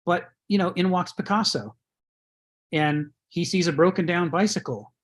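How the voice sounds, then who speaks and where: A man's voice: sits high, moderate pace. A man giving a conversational lecture, rambling, chuckling often and using many fillers.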